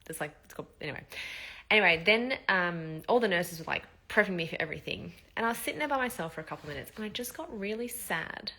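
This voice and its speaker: A woman's voice: mid-range voice, expressive, quick pace, bright, forceful tone. A woman in her thirties, telling a candid, emotional personal story in a casual vlog while recovering after surgery. She talks loosely, with many fillers and the odd swear word. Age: 30s. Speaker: vlogger.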